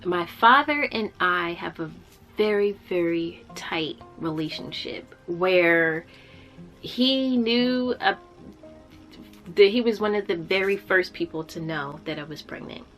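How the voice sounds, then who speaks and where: Bright-voiced young woman telling a story. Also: lowish voice, lively intonation, slow pace, soft background music. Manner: candid and heartfelt, with frequent fillers and restarts. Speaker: vlogger sharing a personal story. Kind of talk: casual personal storytelling.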